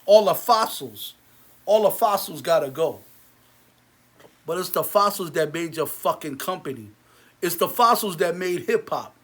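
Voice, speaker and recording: High-voiced man in a bitter rant. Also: lively intonation, measured pace. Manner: heated and bitter, trailing off low and quiet; repetitive, many restarts. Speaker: movie theater owner. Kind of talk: angry rant to camera.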